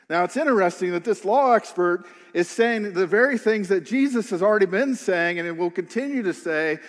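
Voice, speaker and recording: A man with a notably high voice preaches a sermon, earnest and searching, turning the passage into questions for his listeners. His voice rings out with a long reverb trailing behind it. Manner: earnest, questioning, acts out quoted attitudes. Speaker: pastor.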